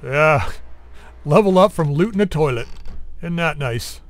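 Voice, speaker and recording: A man's voice: a little high, lively intonation, unhurried, soft background music. A man casually commenting while playing a survival game, rambling, mumbling to himself and teasing the zombies. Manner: mumbling while doing two things at once. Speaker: gaming channel host. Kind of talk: casual let's-play commentary.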